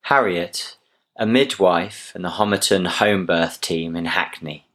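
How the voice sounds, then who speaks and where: A man presenting, briefly introducing each guest in a measured way. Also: deep voice, fairly bright tone. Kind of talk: scripted introductions.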